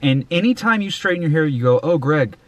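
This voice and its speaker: A man hosting a vlog in a casual, profane rant, excitable and jumping between loud outbursts and muttered asides. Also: fairly high pitch, quick pace. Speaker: vlog host.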